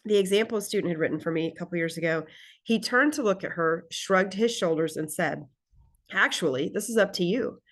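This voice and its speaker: A woman teaching a college English class, talking in a relaxed, conversational way and often checking in with "right?" and "okay?". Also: lowish voice, fairly quick. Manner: reads example lines aloud expressively. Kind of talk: recorded class lecture recap.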